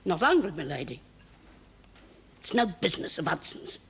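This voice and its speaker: An actress playing a strict middle-aged cook in a great house, speaking in a husky, halting voice. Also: female voice, deep voice, big pitch swings, full character voice. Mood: defiant. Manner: defensive then grieving, broken speech. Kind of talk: period television drama.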